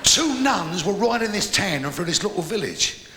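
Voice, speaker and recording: A man telling quick-fire jokes as a stand-up comedian, doing little voices for his characters. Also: high voice, big pitch swings, pushed and bright. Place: pub venue with live audience. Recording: echoey live pub recording with crowd.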